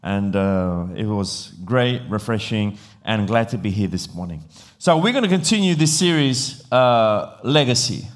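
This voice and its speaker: Preaching at a measured pace in a voice on the low side, this Italian-born pastor with an English accent gives a sermon opened by a podcast intro. His storytelling is chatty and animated, with many fillers.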